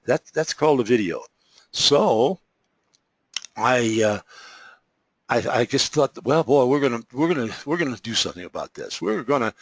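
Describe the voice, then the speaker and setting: A man's voice: medium pitch, no room sound. A man hosting an informal presentation, rambling with many fillers, restarts and folksy exclamations while walking through examples on screen. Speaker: host presenting an insurance marketing service.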